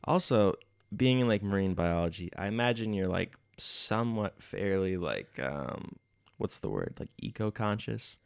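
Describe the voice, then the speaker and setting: A young male podcast host talks easygoingly, often hunting for words. His voice is very deep and gravelly. The sound is dry, with no room echo. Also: animated, measured pace. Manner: easygoing, hesitant, chuckling asides. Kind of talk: casual chat.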